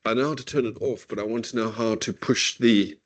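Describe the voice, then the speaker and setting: A man's voice: on the low side, fairly even intonation. Man lecturing with frequent "okay?" tags. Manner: dramatic slow recitation of verse. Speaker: literature lecturer. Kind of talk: university lecture. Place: classroom.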